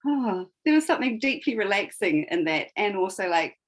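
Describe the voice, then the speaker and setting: A woman's voice: mid-range voice, sing-song, fast, rough recording. A woman guest on a podcast, reflectively retelling a fairy tale and tying it to the present. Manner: reflective, retells a story with emphasis. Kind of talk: conversational podcast storytelling.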